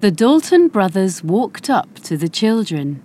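A woman reading a children's storybook aloud in a slow, clear and careful way. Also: mid-range voice, sing-song, warm tone, slight background noise. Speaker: narrator.

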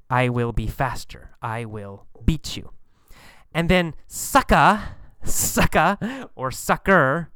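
A man teaches English slang at an unhurried pace, saying key phrases again and again. His voice is very clear and close, with no room sound around it. He acts out the lines he quotes. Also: mid-range voice, fairly bright tone, no echo. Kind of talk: slow explanatory lesson.

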